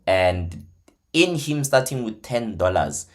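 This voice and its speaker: A man with a fairly low voice talks casually about his trading days. He swings from quiet, mumbled asides to loud, excited bursts. His stories ramble along with frequent laughs. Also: slow pace. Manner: animated, swings from hushed to loud, laughs often. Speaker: trader and trading mentor. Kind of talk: casual storytelling.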